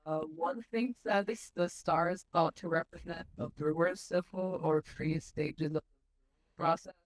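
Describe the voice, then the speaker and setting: A woman, the assistant producer, reading facts aloud in a halting way. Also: on the low side, steady tone, no echo, rough recording.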